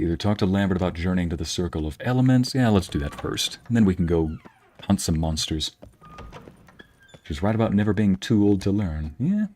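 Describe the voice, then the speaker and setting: A man streams a video game, chatting easily in casual, easygoing commentary. His voice sits low and sounds mellow.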